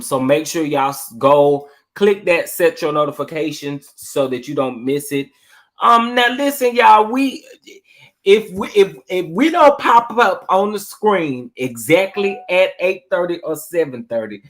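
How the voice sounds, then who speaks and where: A man hosting a casual livestream, talking animatedly and repeating himself as he addresses his viewers. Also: high voice. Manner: animated, repetitive, talks straight to the chat. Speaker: livestream show host.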